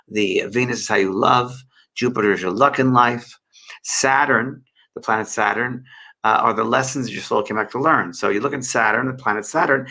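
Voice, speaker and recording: A man hosting a live spiritual show as a medium, gently answering viewer questions with many fillers and restarts. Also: on the low side, gravelly. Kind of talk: live online Q&A and guidance.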